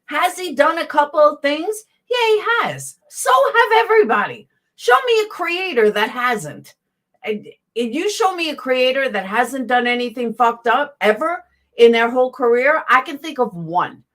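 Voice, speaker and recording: A high-pitched Southern woman with big pitch swings and a fairly bright tone speaks at a moderate pace. Hosting on YouTube, she gives her live chat a blunt, profane, heated rant in casual commentary form.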